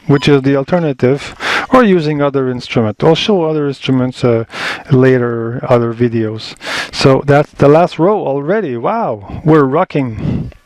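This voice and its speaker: Picked up by a camera microphone in a small indoor workspace, a man teaches color management in a relaxed screen-recorded walkthrough. He thinks out loud as he goes, restarting often and using fillers, in a darkish mid-range voice with no room sound.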